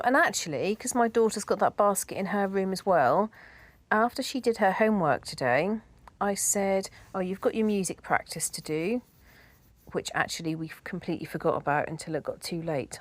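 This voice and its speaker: A middle-aged woman who vlogs about decluttering chats casually and rambles, tossing in asides and laughing. Her voice is lowish and a little fast.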